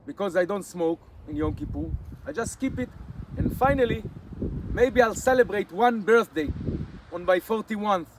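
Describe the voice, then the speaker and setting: A man in his forties with an Israeli accent, a native Hebrew speaker, talking casually to his camera outdoors in the mountains in halting English, his mouth dry from fasting. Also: high voice, animated, noisy background. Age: 40s. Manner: rambling, restarts often, halting English. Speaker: nomad vlogger. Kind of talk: casual vlog monologue.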